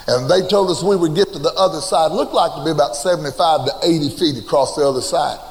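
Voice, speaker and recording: This older preacher talks quickly in a slightly high voice, sharing a homespun story from his own life during a sermon. He leans on emphatic refrains, and the church hall adds a long reverb.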